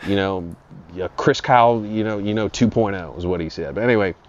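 A man with a very low voice spins a rambling, foul-mouthed comic tale in an improvised monologue. The recording sounds dull and lo-fi. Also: a little fast. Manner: crude, profane, rambling. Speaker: storyteller. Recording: dull lo-fi audio.

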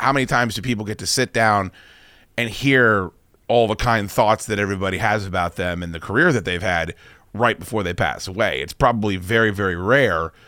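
A man hosting a podcast, telling stories in a casual, animated way and swearing often. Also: on the low side, no room sound, studio quality. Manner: animated storyteller, swears freely, laughs a lot. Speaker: podcast host. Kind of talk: casual chat.

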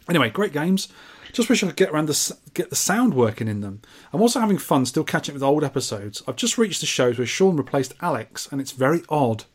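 A slightly high, slightly rough voice belongs to this retro gaming podcast co-host. He reads listener mail in a casual chat, trading teasing remarks with dry, deadpan asides.

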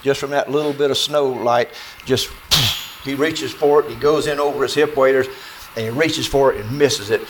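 A man's voice: medium pitch, moderate pace, background noise. Folksy man telling a story. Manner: folksy, animated, acts out dialogue, filler-heavy. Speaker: storyteller speaking to an audience. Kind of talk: spoken true-story telling.

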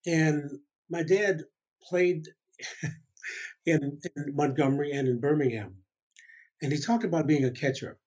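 An older man spins a long story as an interview guest, chuckling as he goes and slipping into the voices of the people he quotes. His voice has a husky edge. The recording sounds somewhat dull and lo-fi. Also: on the high side, takes it slowly, pauses often, darkish tone. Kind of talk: storytelling in a conversation.

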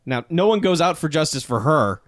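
A man's voice: a little high, sing-song, brisk, no room sound, studio quality. A man co-hosting a casual chat, recapping a film with sarcastic remarks. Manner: wry, sarcastic commentary.

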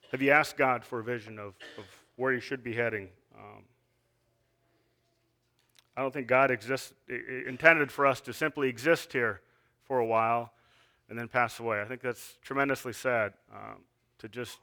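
Bright-voiced man preaching earnestly. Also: medium pitch. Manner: earnest, with frequent fillers and restarts, reading scripture aloud. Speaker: lay preacher. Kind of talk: sermon.

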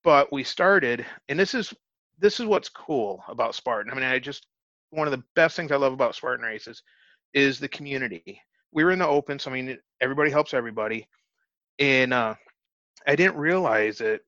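A man's voice: mid-range voice, animated, a little fast, bright, forceful tone, dry recording. A man, an interview guest, telling a story in casual, earnest talk, often restarting his phrases. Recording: dull, dry lo-fi recording.

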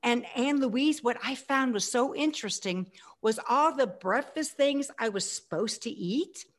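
A woman in her sixties telling her life story as an interview guest, animated and acting out her past self. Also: a little high, unhurried. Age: 60s.

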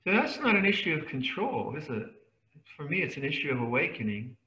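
A man's voice: on the high side, sing-song, brisk, pushed and bright, roomy sound, far from the mic, dull audio. A man giving a Dharma talk at a retreat, conversational and chuckling often, playfully mimicking voices to make his points. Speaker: Buddhist monk teaching a retreat.

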